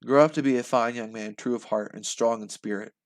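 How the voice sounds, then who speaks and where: A man reading a novel aloud and voicing a calm adult monster hunter who reassures a boy. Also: mid-range voice, a little fast, natural voice.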